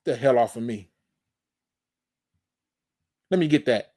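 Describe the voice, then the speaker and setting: A man's voice: medium pitch, animated, takes it slowly, dark tone. A man hosting a live sports talk show, emphatic and fired-up, breaking down game film and talking straight to his audience. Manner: addresses the audience as "y'all". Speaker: host.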